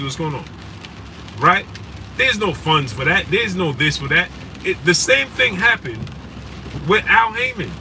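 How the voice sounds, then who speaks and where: A man's voice: high voice, sharp tone. A man hosting a casual sports live stream, talking with passion, greeting viewers by name and often asking "right?". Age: adult with wife and kids. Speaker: sports show host. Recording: distant mic with clear background noise.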